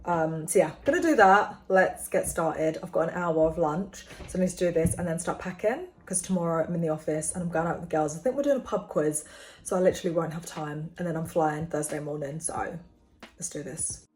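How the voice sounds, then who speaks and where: A woman's voice: low-pitched, fairly quick, a little mellow, husky. Chatty woman vlogging at home. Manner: chatty and upbeat, talks to camera. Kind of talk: casual vlog chat. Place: home, indoors.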